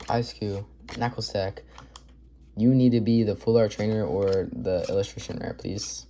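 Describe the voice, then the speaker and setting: Mellow-voiced man chatting through pack openings. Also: on the low side, slight background noise. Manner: upbeat, chatty, rattles off card names. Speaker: card collector video host. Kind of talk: casual pack-opening commentary.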